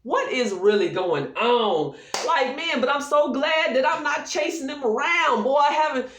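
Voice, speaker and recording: A middle-aged woman talks casually to camera. Her voice sits high and swings widely in pitch as she jokes and acts out what people say. The sound is echoey, and she is a little way back from the mic. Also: measured pace, distant mic, a little hiss or hum. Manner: animated and playful, acting out quotes and laughing often. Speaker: vlogger. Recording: echoey room, voice a bit off mic.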